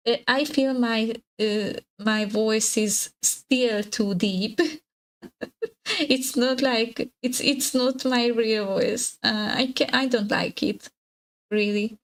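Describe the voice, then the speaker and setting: Giggly, hesitant, and prone to fillers and restarts, a young adult native Hungarian speaker chats casually on a live stream. She has a mid-range, slightly husky voice, and the audio is poor.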